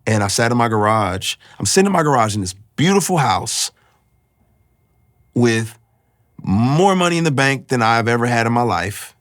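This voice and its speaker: A man sharing a personal faith testimony, earnest and confessional, often pausing to find his words. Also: mid-range voice, sing-song, a bit bright.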